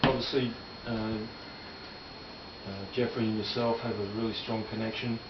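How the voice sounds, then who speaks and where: A man asks questions in a casual, hesitant way, stalling on fillers. He sounds distant, and the room is echoey. The recording is dull, with loud noise behind him. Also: lowish voice, level tone, normal speed. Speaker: interviewer. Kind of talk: casual interview.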